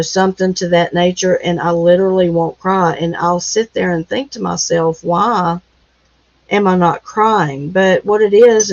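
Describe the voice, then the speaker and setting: A woman minister hosts a casual live stream and answers viewer comments one by one. She speaks unhurriedly and gently, with a consoling tone full of pauses and fillers. The audio is somewhat muffled and lo-fi. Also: fairly low pitch. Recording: dull lo-fi sound.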